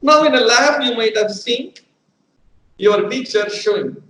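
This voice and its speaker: A man teaching a grammar lesson, deliberate and repeating his examples for emphasis. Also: sits high, lively intonation, bright, forceful tone. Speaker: English teacher. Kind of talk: live educational lecture. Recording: roomy echo with faint room hum.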